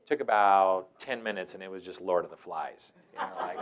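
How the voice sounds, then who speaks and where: A middle-aged man telling stories as a teacher, animated and breaking into loud, shouted impressions. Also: lowish voice, moderate pace. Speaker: wilderness mentor and teacher. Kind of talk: storytelling talk.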